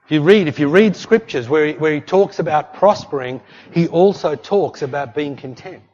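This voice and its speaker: A middle-aged male pastor preaches with an emphatic, repetitive delivery, calling out to his congregation. His voice sits a little higher than most men's. It rings with long reverb through a church hall, captured on a dull, lo-fi recording. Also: moderate pace, a little mellow. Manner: emphatic preaching with repeated "hey" and "don't fret". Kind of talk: sermon.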